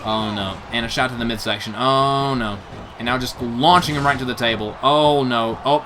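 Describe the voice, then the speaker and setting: A young man calls a wrestling match play-by-play, his high, bright voice leaping up and down in pitch. He reacts with frequent gasps and laughs. Faint noise sits under the recording. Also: normal speed. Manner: animated, gasping "oh no" reactions, laughs often. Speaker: play-by-play commentator for a video game wrestling show. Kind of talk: excited play-by-play commentary.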